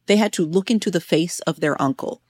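A woman co-hosting a talk podcast, earnest and supportive, with a lowish voice. The recording is dry and close. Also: fairly quick, darkish tone, no room sound. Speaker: podcast co-host and reporter. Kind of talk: casual chat.

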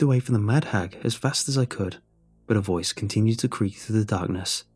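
Male narrator, husky and low, brooding scripted storytelling over soft music. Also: fairly even intonation, moderate pace. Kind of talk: scripted first-person narration. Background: faint music.

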